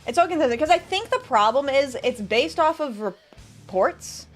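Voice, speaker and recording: A woman's voice: high-pitched, lively intonation, normal speed, faint music behind. A woman streamer chatting casually with her viewers, sarcastic and laughing often. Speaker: VTuber streamer. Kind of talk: casual stream chat reading viewer messages.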